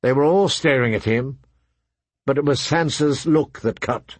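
A man narrating an audiobook in a measured, dramatic storytelling manner. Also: medium pitch, no room sound. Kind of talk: scripted narration.

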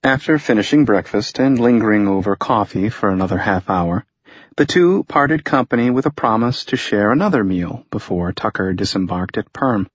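Male thriller narrator, measured and dry; low husky voice, muffled close read. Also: expressive, dry recording. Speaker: audiobook narrator. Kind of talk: scripted narration.

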